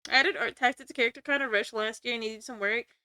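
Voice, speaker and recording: A woman's voice: fairly high pitch, fairly even intonation, quick pace, pushed and bright, smooth, dry recording, clean studio sound. A young woman streaming from home, chatting casually with her chat, play-acting anger and laughing often. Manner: playful mock-angry banter with frequent laughs.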